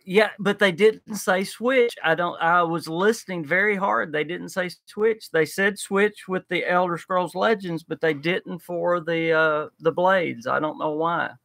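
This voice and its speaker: A man chats casually on a live reaction stream, eager and rambling, often restarting his sentences. His voice sits a little high and has a gravelly, fry-laden edge. The sound is dry and close, with no room echo at all. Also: a little slow, hardly any pauses, fairly bright tone. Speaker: livestream co-host.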